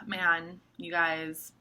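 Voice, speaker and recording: A young woman talking casually to camera, animated and profane, full of fillers like "like" and "you know". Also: lowish voice. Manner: animated, swears, many likes. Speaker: astrology vlogger.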